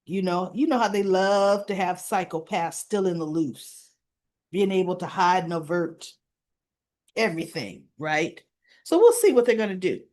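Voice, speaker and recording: A woman's voice: on the low side, normal speed, a little mellow. A woman recapping a soap opera episode in a casual, chatty way, retelling scenes and adding her own asides.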